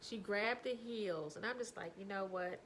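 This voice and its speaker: A woman telling a personal story to camera, animated, breaking into laughter and hushed asides. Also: mid-range voice, normal speed, a little hiss or hum, low-quality recording. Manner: animated, breaks into helpless laughter, drops to whispers.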